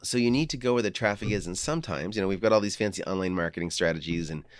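A middle-aged man hosting a series, giving a casual, energetic motivational talk on business. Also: deep voice, very fast, dry recording, clean studio sound. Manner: energetic, conversational, upbeat.

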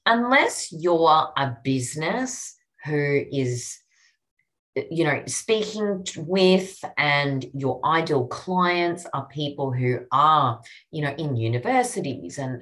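An Australian woman coaching her podcast listeners in a relaxed, chatty teaching style, her voice low for a woman. She speaks at an unhurried pace, yet her pitch swings widely with upbeat, encouraging energy. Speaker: podcast host and copywriting coach. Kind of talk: casual instructional podcast.

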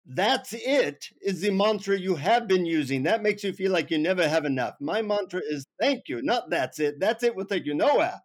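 A man's voice: high-pitched, expressive, measured pace, darkish tone, voice pushed up, full character voice. A man voicing a stern male guru with an Indian accent in a spoken story. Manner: stern, solemn pronouncements.

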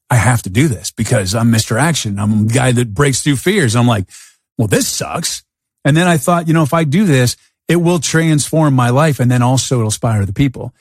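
A man hosting a podcast, telling stories in a casual, animated way and acting out his own thoughts. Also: mid-range voice, dry recording, clean studio sound. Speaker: podcast host. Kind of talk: storytelling in a casual interview. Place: Arizona.

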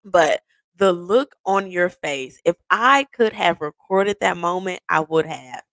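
This young podcast host speaks unhurriedly as she recounts something from her own life, loose and lively, dropping swear words and erupting into shrieks of excitement and laughs. The recording has no room sound.

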